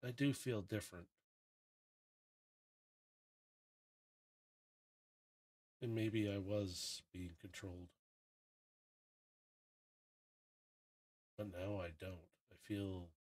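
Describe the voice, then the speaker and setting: A man voicing a gentle freed female robot. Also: low voice, fairly even intonation, normal speed, pitched below the performer's own voice. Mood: wondering.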